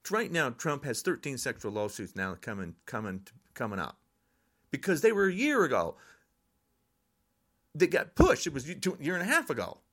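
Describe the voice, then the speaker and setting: Older podcaster ranting, animated pitch. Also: fairly quick. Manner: frustrated, angry ranting. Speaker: podcast host. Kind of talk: political rant podcast.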